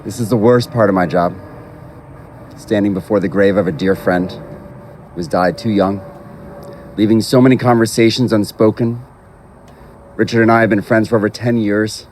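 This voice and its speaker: A man officiating at an outdoor graveside, delivering a formal, measured prepared eulogy. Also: on the low side, steady tone, darkish tone, slight background noise. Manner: measured, formal, reading from a text.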